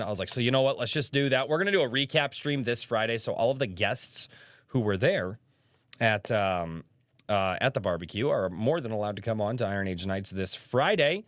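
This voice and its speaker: A man's voice: on the low side, a little fast, fairly bright tone, no echo, studio quality. A young man hosting a casual livestream podcast, telling stories and reading chat comments aloud as he talks. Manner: chatty storyteller, reads chat aloud.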